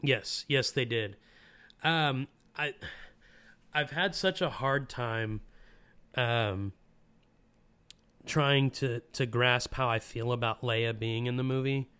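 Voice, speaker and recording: Man, casual podcast chat, smooth clear voice, enthusiastic, lots of ums and restarts. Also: medium pitch, slow, pauses often, pushed and bright. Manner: enthusiastic, emotional, many fillers and restarts. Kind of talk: casual film discussion.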